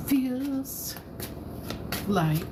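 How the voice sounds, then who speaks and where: A woman's voice: high voice, expressive, drawn-out words, background noise. A woman tarot reader chatting casually on a live stream, playful and giggly, rambling as she talks into a phone.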